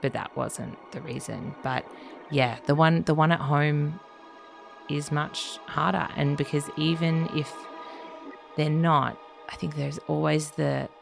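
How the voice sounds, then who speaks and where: In a steady tone, a low, gravelly-voiced Australian woman talks things through in a relaxed interview about her life as a writer in Scotland. She's hesitant and conversational, pausing on fillers, restarting sentences, and laughing often, with faint music in the background.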